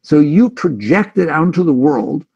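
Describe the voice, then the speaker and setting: A man with a gravelly, slightly husky voice gives a spiritual talk in a reflective, conversational way. He often slips into voicing his listeners' inner thoughts. The recording sounds dull and lo-fi. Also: fairly high pitch, animated, normal speed, warm tone. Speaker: spiritual teacher.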